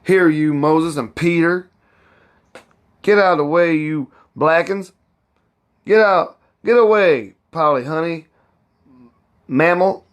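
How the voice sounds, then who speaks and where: A proud, fussy old cook who scolds and brags in thick Southern dialect, as a man reading a storybook puts her on. The voice rises well above his own and takes its time, the words drawn out slowly. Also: on the high side, smooth, pitched above the performer's own voice. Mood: scolding. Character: bossy older woman cook, proud and fussy.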